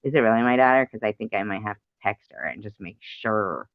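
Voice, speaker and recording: A woman's voice: extremely low pitch, animated, fairly quick, dry recording. Giggly rambling woman on a muffled stream. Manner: giggly, rambling, often laughing. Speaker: livestream host. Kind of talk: casual livestream chat. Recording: muffled dry livestream audio.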